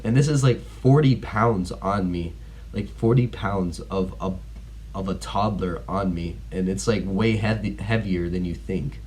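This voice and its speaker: A man's voice: sits low, a little slow, darkish tone, a little hiss or hum. A teenage boy telling a story in a casual vlog, rambling with lots of "like" and some blunt swearing. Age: teens. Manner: rambling, heavy use of "like", blunt and profane at times. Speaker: vlogger.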